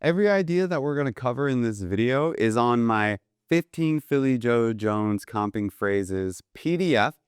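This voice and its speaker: A man teaching a jazz drum lesson in a relaxed, eager way, often checking in with "right?" between drum examples. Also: mid-range voice, moderate pace, few pauses, clean tone. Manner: casual, enthusiastic, keeps asking "right?". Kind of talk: instructional video lesson. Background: drum kit played between phrases.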